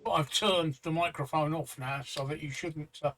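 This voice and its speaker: Male stream host, high bright voice, repeats himself. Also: steady tone, moderate pace, low-quality recording. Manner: chatty, teasing, repeats himself. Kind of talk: casual live-stream chat.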